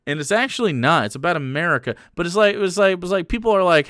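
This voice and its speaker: A man's voice: a little high, lively intonation, fast talker, few pauses, a bit bright, smooth, no echo, clean studio sound. A man livestreaming, ranting casually to his chat in a crude, mocking and combative way with sarcastic asides.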